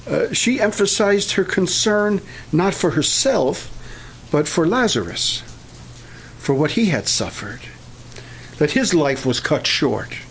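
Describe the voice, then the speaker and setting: Older guy preaching, gravelly voice, lots of uhs, pitch swings all over, faint hiss behind. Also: very animated. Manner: halting, many filler pauses and restarts. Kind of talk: sermon.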